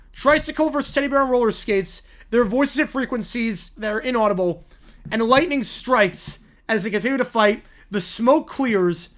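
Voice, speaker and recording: A man live-streaming, reading a silly story aloud with playful, animated asides. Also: extremely high pitch.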